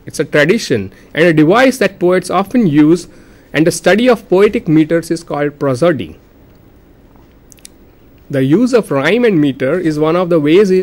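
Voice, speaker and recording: Man, Indian English accent, fairly high voice, patient college lecturer who restarts and repeats words. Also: a little mellow. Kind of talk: recorded classroom lecture.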